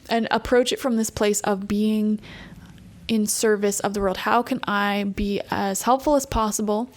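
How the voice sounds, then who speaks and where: Young woman doing a tarot reading, chatty and upbeat, laughs here and there, medium voice. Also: medium pitch. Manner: chatty, animated, laughs often. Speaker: tarot reader. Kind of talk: casual tarot reading monologue.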